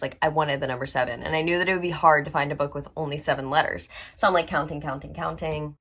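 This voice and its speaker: A woman's voice: sits low, fairly bright tone. A young woman, chatting casually and gushing on her book vlog, full of "like" and "um". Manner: bubbly, gushing, lots of "like" and "um". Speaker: book channel host.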